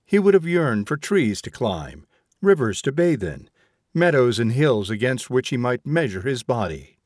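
With a medium-pitched voice, a man gives measured, expressive audiobook narration. The recording is dry and of studio quality.

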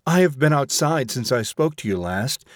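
A man reading an audiobook, voicing an earnest, quietly rebellious young man in a low, grave, measured way. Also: expressive, no room sound, studio quality, lightly acted. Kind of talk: audiobook character voice.

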